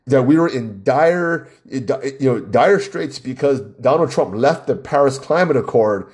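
A man's voice: medium pitch, a little mellow. A man hosting his own podcast, talking in a rambling, argumentative way full of rhetorical questions. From Hawaii. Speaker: podcast host. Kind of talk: casual solo podcast monologue.

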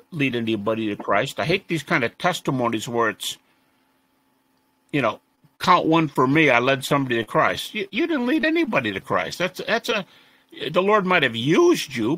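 A man being interviewed as a scholar, telling stories in a lively conversational way and mimicking the people he quotes. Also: medium pitch, dry recording. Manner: animated, mimics the voices of students he quotes. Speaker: interview guest, resurrection scholar. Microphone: audio-only interview recording.

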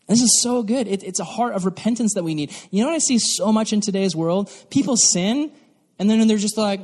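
Young man, youth pastor, sermon, high voice, animated, long hall reverb. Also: brisk. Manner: animated, acts out mocking voices. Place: church hall.

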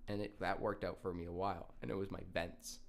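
A man's voice: sits low, level tone, brisk, vocal fry. A young man co-hosting a podcast, telling a story in casual chat, laughing and swearing often, with many restarts. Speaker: podcast co-host.

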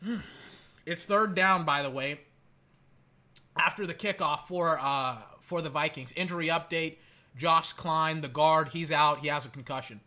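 Excitable male fan doing live game-reaction commentary; high, bright, exclamatory, rambling. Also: a little slow.

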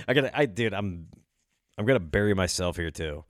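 A man's voice: low voice, sing-song, normal speed, a bit bright, no echo, clean studio sound. A man hosting a podcast, ranting casually with heavy profanity, rambling and breaking into laughter. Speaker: podcast host. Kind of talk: casual comedic rant.

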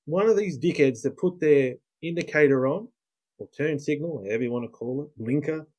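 A man's voice: fairly high pitch, brisk, a little mellow, rough recording. A man co-hosting a podcast in casual chat, blunt and opinionated, swearing freely. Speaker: podcast co-host.

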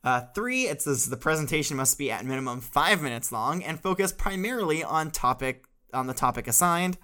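A man's voice: on the high side, lively intonation, a little fast, sharp tone. A man playing a rambling teacher in an improvised classroom comedy sketch, often laughing.

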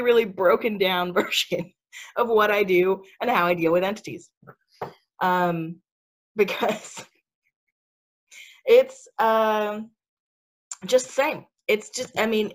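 A woman talking casually about spiritual matters, chatty and sassy with lots of fillers and frequent laughter. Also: mid-range voice. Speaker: spiritual speaker. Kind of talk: casual podcast chat.

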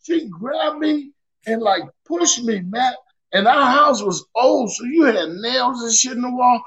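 A high-voiced man tells family stories in animated, profane podcast chat, acting out his own reactions. The recording sounds dull and lo-fi. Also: measured pace. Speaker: podcast co-host. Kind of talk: casual storytelling chat.

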